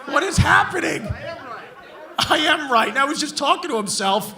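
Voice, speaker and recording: A man working a comedy club crowd, brash and profane as he roasts hecklers. His voice sits very high for a man. A lively club audience carries under him throughout. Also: normal speed, creaky. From Brooklyn, New York. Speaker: stand-up comedian. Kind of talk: stand-up crowd work. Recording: live club audience noise. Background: laughing club audience.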